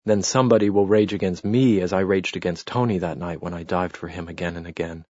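A despairing young man, voiced by the narrator broods aloud in bleak, inward tones. The voice is low and husky. It is recorded dry and slightly muffled. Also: steady tone, brisk, darkish tone, no room sound.

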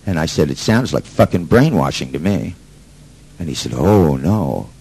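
A man's voice: extremely low pitch, lively intonation, normal speed, creaky, darkish tone, slightly rough, rough recording. A man telling a story to an audience in a brash, sardonic way, swearing freely. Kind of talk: profane storytelling talk.

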